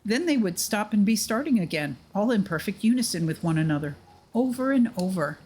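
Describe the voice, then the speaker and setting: A woman's voice: medium pitch, lively intonation, brisk, a little mellow, slightly rough. Woman reading a courteous, formal male woodland figure, light touch. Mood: wondering. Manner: formal, speaks of himself by name. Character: kindly formal male forest dweller.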